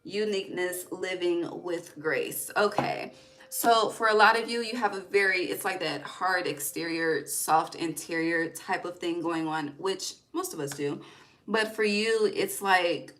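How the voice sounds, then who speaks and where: A woman's voice: on the low side, a little slow, fairly bright tone. A young woman giving a casual spiritual card reading, often emotional and close to tears, swearing freely and checking in with "okay". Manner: emotional, swearing, fills with okay and all right. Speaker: tarot reader.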